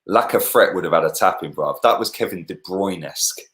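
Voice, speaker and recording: Talking football casually as a podcast co-host, this young man speaks fairly quickly in a low, slightly bright voice. He's animated, with lots of slang and swearing.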